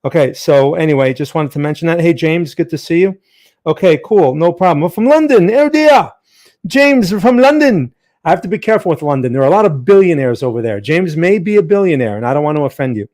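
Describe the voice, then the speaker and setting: A man's voice: a little high, expressive, fast talker, a little mellow. A man hosting a live trading stream, chatting casually, greeting viewers by name, with frequent fillers and restarts.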